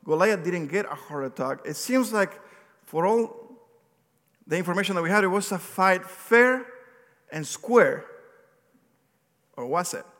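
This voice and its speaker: A man's voice: high-pitched, unhurried, long pauses. Preacher man in an echoing hall. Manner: animated storytelling, acts out quotes, some slips and restarts. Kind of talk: sermon retelling a Bible story. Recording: long hall reverb.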